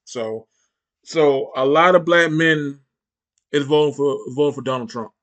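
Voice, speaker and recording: A man's voice: fairly high pitch, measured pace, a bit bright. A man hosting a reaction channel, giving heated, mocking commentary with lots of repetition.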